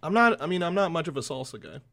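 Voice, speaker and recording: A man's voice: a little high, big pitch swings, fast, vocal fry, bright, forceful tone. Teasing man in casual chat. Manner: teasing, incredulous.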